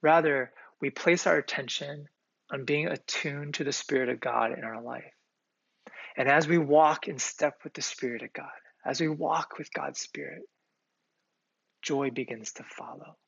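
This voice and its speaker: Gravelly, husky-voiced male pastor preaching. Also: a little high, measured pace, fairly bright tone, no room sound. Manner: earnest, conversational preaching with fillers. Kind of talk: sermon. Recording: slightly muffled, dry recording.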